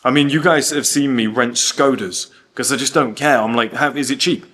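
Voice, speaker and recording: A young man talking in a casual vlog, animated and swearing, telling travel stories with quoted asides. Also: mid-range voice, normal speed. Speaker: host.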